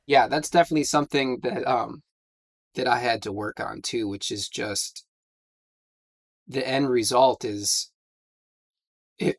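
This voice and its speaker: Husky-voiced man, candid and reflective. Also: medium pitch, dry recording. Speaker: podcast guest. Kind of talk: candid conversation.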